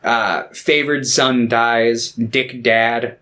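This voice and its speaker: This man co-hosts a movie podcast, retelling scenes in loose, profane casual chat and briefly slipping into character voices. His mid-range voice stays fairly even in intonation and has a sharp tone. He talks very slowly.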